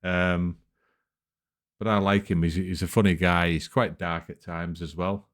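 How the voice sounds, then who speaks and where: A man's voice: low voice, fairly even intonation, measured pace. A man hosting a reaction video, chatting casually and rambling with lots of ums. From England. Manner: laid-back, rambling with many ums. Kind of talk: casual chat.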